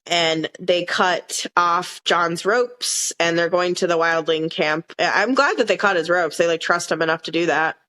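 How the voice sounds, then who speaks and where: A woman's voice: lowish voice, normal speed, few pauses, a bit bright. Chatty Southern woman recapping a show. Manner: rambling, retells scenes with quoted lines. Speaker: podcast co-host. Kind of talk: casual chat recapping a TV episode.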